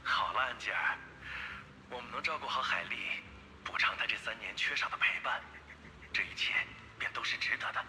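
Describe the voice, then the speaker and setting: An actor playing a devoted young father and base scientist, gentle and reassuring but urgent in a crisis. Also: mid-range voice, fairly quick, long pauses, heavy background noise, close to an everyday voice. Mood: tender. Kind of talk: dubbed game cutscene acting.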